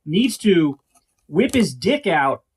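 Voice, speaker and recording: Brief: high-pitched male host, sarcastic ranting reaction commentary. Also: big pitch swings, takes it slowly, a crowd in the background. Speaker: show host reacting to clips. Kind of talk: casual profane commentary.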